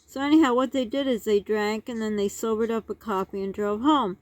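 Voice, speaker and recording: A woman's voice: fairly high pitch, a little fast, no room sound. A woman in her sixties telling a childhood story in a rambling vlog, with many asides and restarts. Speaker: vlogger.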